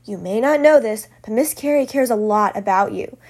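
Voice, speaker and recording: A woman's voice: on the high side, moderate pace, a little mellow, close to an everyday voice. Woman reader doing a curt, controlling male boss. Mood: stern. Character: controlling older man, a boss.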